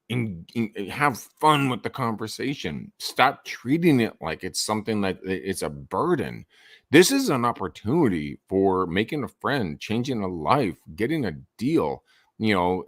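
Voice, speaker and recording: Low, animated man coaching sales. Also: no echo, clean studio sound. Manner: animated, swings his voice up and down for emphasis. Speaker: real estate sales coach. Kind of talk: podcast guest advice.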